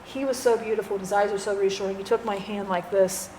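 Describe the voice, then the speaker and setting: A woman's voice: mid-range voice, steady tone, a little mellow. Earnest woman in an echoey room. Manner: earnest, halting storytelling with restarts. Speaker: channeler speaking as a departed friend. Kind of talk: spiritual channeling testimony. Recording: roomy echo, faint background noise.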